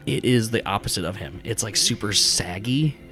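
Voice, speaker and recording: A man's voice: lowish voice, lively intonation, normal speed, pushed and bright, slightly rough, faint music behind. A man narrating as game master in a tabletop game, rambling with lots of fillers and swearing.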